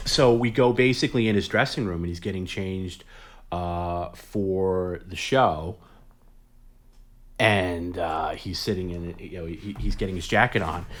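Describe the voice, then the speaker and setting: Deep-voiced man rambling through a story. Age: 40s. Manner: rambling, profane, self-interrupting with many restarts. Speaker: host. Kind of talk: casual storytelling monologue.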